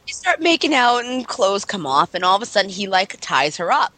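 A young woman hosts a podcast and chats casually, retelling a plot in a crude, rambling way and giggling often. Her pitch sits mid-range for a woman. The recording is dry and close, with no room sound. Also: big pitch swings, fairly quick, fairly bright tone, no room sound. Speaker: podcast host. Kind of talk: casual chat.

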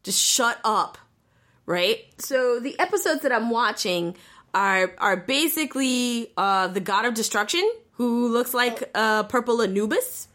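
A woman in relaxed, casual conversation, telling a story with lots of energy. She acts out the characters' lines and swears freely as she goes. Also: fairly high pitch, a little slow. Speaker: anime recapper in a casual chat. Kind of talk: casual chat.

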